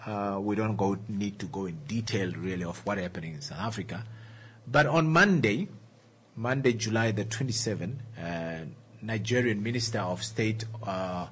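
A man from Namibia hosting a radio talk show, talking in an animated way, with many rhetorical questions and fillers. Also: fairly low pitch, moderate pace, breathy edge.

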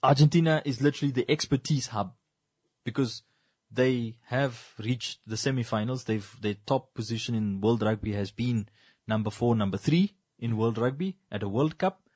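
A man's voice: medium pitch, normal speed, darkish tone, husky, no echo, clean studio sound. A man co-hosting a casual discussion, emphatic, repeating his points for stress.

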